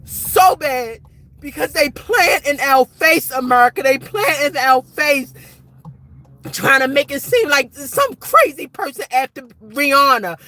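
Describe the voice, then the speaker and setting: Agitated high bright-voiced woman in her forties. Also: expressive, a little slow, rough recording. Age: 40s. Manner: agitated, rambling, repeats herself. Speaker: vlogger. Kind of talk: impassioned to-camera rant. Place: outdoors at night.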